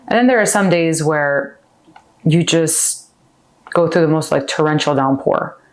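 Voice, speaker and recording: Brief: low-voiced woman, candid podcast guest, heartfelt and chatty. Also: a little slow. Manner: heartfelt, chatty, heavy on fillers like "like". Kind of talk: candid personal interview.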